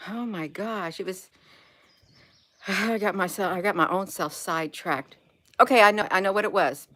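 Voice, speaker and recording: A woman on a casual livestream, recorded outdoors in a yard. Her voice is bright and forward, and her talk meanders, with lost threads and frequent greetings to viewers by name. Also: medium pitch, moderate pace. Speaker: live streamer. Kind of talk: rambling casual livestream chat.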